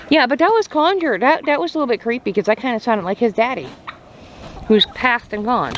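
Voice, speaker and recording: Speaking briskly in a slightly high, animated voice, a female farm vlogger chats casually outdoors and playfully baby-talks to her poultry. Roosters crow and chickens cluck in the background of the noisy farm audio.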